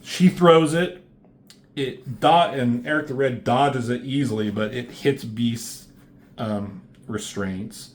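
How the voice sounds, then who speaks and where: Man, mid-pitched voice, casual comic reviewer, rambling, swears a lot, offhand delivery. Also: slow.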